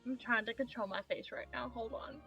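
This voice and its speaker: Bright, giggly female player. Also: on the high side, steady tone, brisk, gravelly, soft background music, poor audio. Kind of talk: casual tabletop play.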